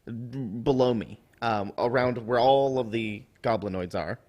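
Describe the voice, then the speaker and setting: A man playing a tabletop game, describing his moves in a halting, hesitant way with lots of fillers. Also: medium pitch, a little mellow. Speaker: player.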